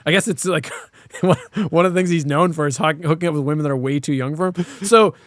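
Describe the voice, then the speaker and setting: A man co-hosting a casual podcast chat reviewing horror films, animated and profane, often laughing as he talks. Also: on the high side, fast talker, dry recording, studio quality. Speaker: podcast co-host.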